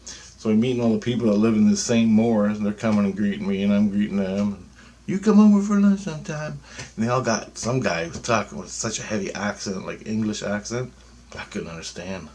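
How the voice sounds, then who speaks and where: Man with a lowish voice, casual vlog monologue, profane and meandering. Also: steady tone, a little fast, darkish tone, a little hiss or hum. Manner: loose, profane, meandering storytelling. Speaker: vlogger.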